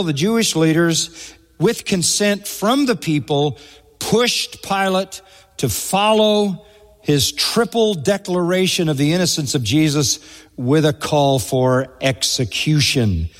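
A man preaching an expository sermon with emphatic rhetorical questions and slow, stressed lists. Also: fairly high pitch. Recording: long hall reverb.

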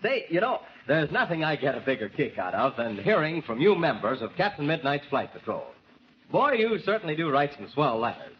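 A hearty, folksy radio announcer from the old days, a man with a lively voice that swings up and down. He reads ads and story recaps with enthusiasm. The broadcast sounds dull and hissy. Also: a little high, brisk.

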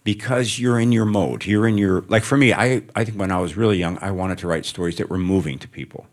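Older Midwestern-born author, very deep voice, musing onstage, wry and anecdotal. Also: male voice, a little fast. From American Midwest. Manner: reflective, anecdotal, gently humorous. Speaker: author guest. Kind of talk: onstage conversation before an audience.

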